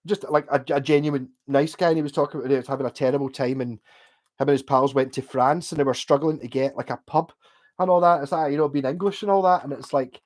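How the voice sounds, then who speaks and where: A man from Scotland with a softened Glaswegian accent, chatting casually on a livestream and answering viewer comments. He rambles, restarts his sentences, swears freely and laughs between thoughts. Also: fairly high pitch, fairly even intonation, fast talker. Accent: Glaswegian Scottish, softened.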